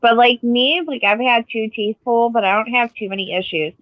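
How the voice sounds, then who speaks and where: A woman's voice: a little high, steady tone, fairly quick, no room sound. Podcast co-host, woman with a chatty rambling style, dry and a little dull on the mic. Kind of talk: casual chat.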